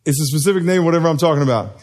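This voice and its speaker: A man's voice: a little high, very fast, heavy background noise. A man preaching a sermon to a live congregation, joking and quizzing the people in front of him. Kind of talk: sermon with call and response.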